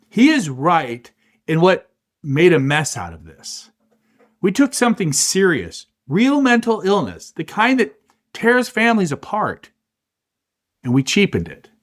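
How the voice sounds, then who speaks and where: A middle-aged man hosting a podcast, giving impassioned spoken commentary in punchy rhetorical bursts with dramatic pauses. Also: fairly high pitch. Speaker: podcast host.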